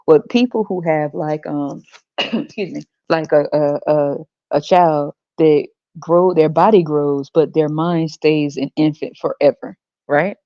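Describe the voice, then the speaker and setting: A woman's voice: sits low, fairly even intonation, unhurried, dark tone, no echo, highs cut off. A woman hosting a podcast, ranting bluntly with a lot of profanity. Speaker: podcast host.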